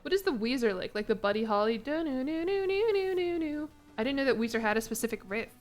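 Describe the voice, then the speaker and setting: A woman's voice: a little high, very fast, soft background music. Self-mocking young woman streamer. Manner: self-deprecating, laughing, apologetic. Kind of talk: casual live-stream commentary.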